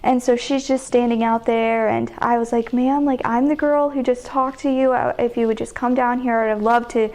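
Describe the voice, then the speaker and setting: A woman's voice: a little high, steady tone, moderate pace, few pauses, a little mellow. A young woman in an interview, telling a story casually and filling her speech with "like.". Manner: chatty, heavy use of "like" fillers. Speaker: sidewalk counselor guest.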